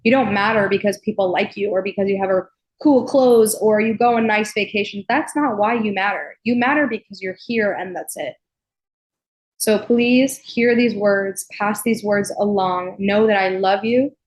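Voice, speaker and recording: A young woman hosting her own solo podcast, speaking in an earnest, heartfelt and encouraging way. Her voice sits at a middle pitch, and her casual speech is full of "like" fillers as she talks straight to her listeners. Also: steady tone, moderate pace. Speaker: podcast host.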